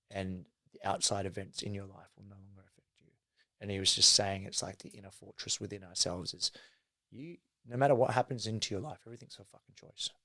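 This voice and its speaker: A man's voice: fairly low pitch, a bit bright, no room sound. A young man in an interview, telling his life story candidly and earnestly, swearing freely and using lots of fillers. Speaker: guest, mindset coach.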